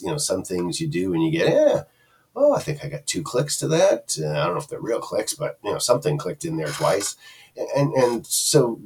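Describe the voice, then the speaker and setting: Chatty deep-voiced man, husky. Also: darkish tone, far from the mic. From Canada. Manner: rambling, chatty, many fillers and restarts. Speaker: product reviewer. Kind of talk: casual screen-share review.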